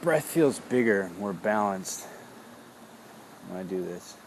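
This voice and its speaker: Low-voiced man doing a slow body check-in. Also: lively intonation, a little hiss or hum. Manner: slow, introspective, searching for words. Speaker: founder of a wellness business. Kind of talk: reflective spoken body check-in.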